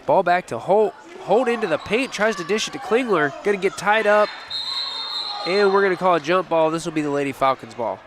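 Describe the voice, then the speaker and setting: Fast-calling male play-by-play announcer. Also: sits high, lively intonation. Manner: brisk, calls each play as it happens, laughs easily. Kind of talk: live basketball play-by-play commentary. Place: high school gym broadcast table. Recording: noisy gym with ball bounces behind.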